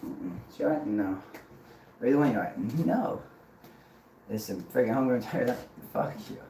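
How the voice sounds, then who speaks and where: A man's voice: medium pitch, expressive, moderate pace, dark tone. A man hosting a livestream, chanting rhythmic nonsense words and ranting at his viewers in a profane, confrontational way. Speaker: livestream host. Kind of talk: rambling livestream monologue. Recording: roomy echo with clear background noise.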